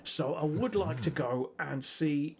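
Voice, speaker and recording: A man narrating a comedic tabletop role-playing game as game master, playful and quick to put on voices and sound effects. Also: on the high side, gravelly, noisy background.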